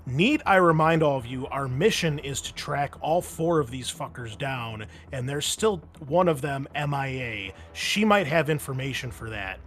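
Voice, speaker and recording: Man voicing a furious female captain, loud and profane. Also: mid-range voice, animated, normal speed, few pauses, a little hiss or hum, natural voice. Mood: commanding. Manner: shouting, commanding, profane. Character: furious tough woman military captain barking orders.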